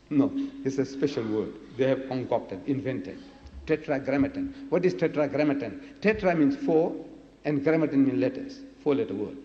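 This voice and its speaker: A man's voice: medium pitch, expressive, normal speed, warm tone, lo-fi sound. Emphatic man lecturing in an echoey hall. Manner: emphatic, rhetorical questions, repeats key words. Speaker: religious lecturer. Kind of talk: public religious lecture.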